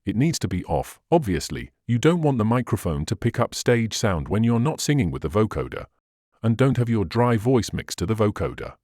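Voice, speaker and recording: Male tutorial host, low and lively pitch, dry close sound, patient step-by-step explainer. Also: normal speed, no echo. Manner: patient step-by-step explaining, slightly non-native phrasing. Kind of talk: instructional screen walkthrough.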